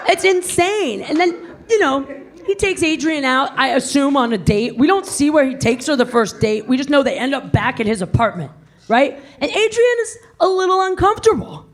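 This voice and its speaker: A woman's voice: sits high, moderate pace. A woman doing a brash, profane stand-up set on a comedy club stage, into a handheld mic. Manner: brash, profane, animated storytelling. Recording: live club audience laughing. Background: crowd laughing and cheering.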